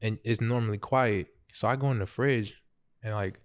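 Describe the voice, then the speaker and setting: A man's voice: fairly low pitch, normal speed, clean tone. A young man, casually telling a funny personal story as a podcast host, laughing through it. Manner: laughs through his story, animated, quotes himself.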